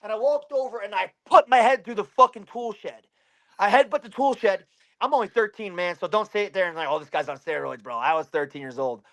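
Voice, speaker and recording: A man, a bare-knuckle fighter from Pennsylvania, telling a story in an interview in an animated way and swearing constantly. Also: high-pitched, brisk.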